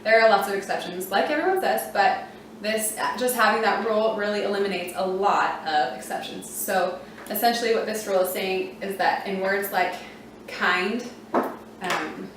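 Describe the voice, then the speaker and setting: A woman's voice: medium pitch, distant mic, a little hiss or hum. Chatty woman teaching phonics in an echoey room. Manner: chatty, uses fillers like um and you know, spells out letters slowly. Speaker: reading teacher. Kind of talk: casual teaching explanation.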